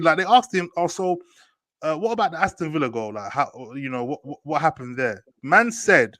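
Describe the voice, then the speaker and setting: A young man hosting a casual football chat, slangy and animated, often asking "do you get me". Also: on the high side, normal speed, no echo. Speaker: host.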